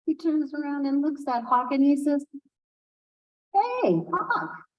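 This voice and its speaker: A woman telling a traditional folk tale aloud at a conference, unhurried and expressive, with asides to listeners. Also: high-pitched, distant mic, lo-fi sound. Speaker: storyteller speaking at a conference. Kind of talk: oral storytelling of a folk tale.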